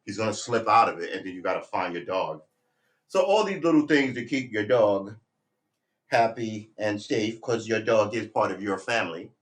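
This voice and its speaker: Casting: male streamer, lowish voice, loose rambling chat, firm with the dog. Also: expressive, moderate pace. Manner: rambling, talks to his dog, firm commands. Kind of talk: casual live-stream chat.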